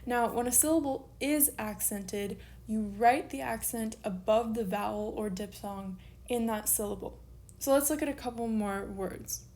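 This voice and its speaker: A woman teaches a recorded online lesson in a slightly high voice. She moves at a patient pace and slows down to spell out letters one by one. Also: a little mellow.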